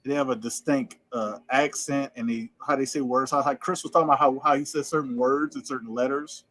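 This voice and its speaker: A man co-hosting a podcast in casual chat, talking fast and running words together, laughing often. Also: mid-range voice, fairly even intonation, a bit bright, poor audio. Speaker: podcast co-host.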